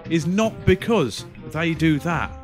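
A man's voice: on the high side, lively intonation, takes it slowly, soft background music. A man co-hosting a comedy podcast, ranting and swearing as he acts out other people. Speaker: podcast co-host. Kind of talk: casual comedy banter.

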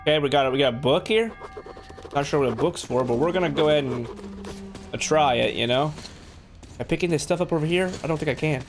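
A young man giving excitable let's play commentary on a game, jumpy and shouting when startled. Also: on the high side, quick pace, long pauses, music in the background. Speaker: gaming video host. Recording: loud game sound under voice.

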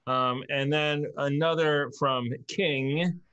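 A man's voice: on the high side, fairly even intonation, slow pace, a bit bright, lo-fi sound. Man, game master, casual stream banter, laughs often. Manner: chatty, laughs often, stumbles over names. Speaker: dungeon master.

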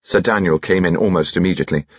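A man narrating an audiobook with expressive, varied delivery. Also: deep voice, quick pace, creaky, breathy edge, no room sound, muffled recording. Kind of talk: scripted narration.

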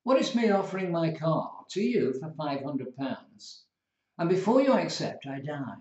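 A man teaching law in a lively, storytelling way, acting out little scenes to make his points. His voice sits fairly high. The recording is roomy and dull, like an old lecture tape. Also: moderate pace. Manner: playful, animated storytelling with acted examples. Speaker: law tutor.

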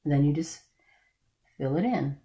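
A woman with a slightly croaky voice from allergies, chatting casually through a makeup tutorial and stopping now and then to correct herself. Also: low voice, expressive, normal speed, warm tone. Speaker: beauty vlogger.

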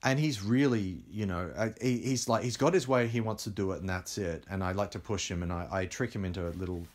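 A man's voice: deep voice, brisk. An English-born middle-aged man, a film director, telling anecdotes in a casual interview with laughs along the way. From England. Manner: animated storyteller, laughs while talking.

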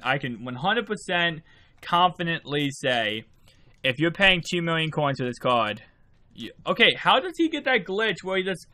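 A just-woken, still-sleepy man hosts his gaming channel, his slightly high voice drifting through rambling, relaxed commentary before suddenly spiking with excitement.

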